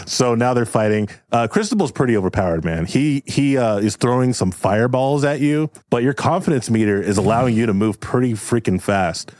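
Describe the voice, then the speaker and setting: A man's voice: mid-range voice, animated, a little fast, few pauses, a little mellow, dry recording. A man narrating an improvised tabletop game as game master, in a rambling, filler-heavy, amused way.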